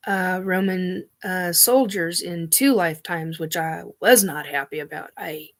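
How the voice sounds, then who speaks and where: A woman hosting her own show, talking in a halting, earnest way as she searches for words. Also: fairly low pitch. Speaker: show host. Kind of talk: personal monologue.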